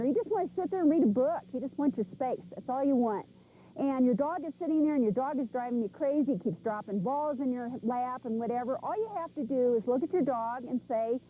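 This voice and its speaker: High-voiced woman dog trainer teaching. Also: dark tone, low-quality recording. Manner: emphatic, repeats commands firmly. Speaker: animal trainer. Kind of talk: instructional class talk. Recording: VHS video recording.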